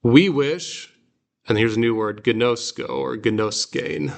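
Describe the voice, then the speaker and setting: A man teaching a guided reading class, explaining slowly and patiently with fillers and restarts. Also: mid-range voice, vocal fry. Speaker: Greek teacher.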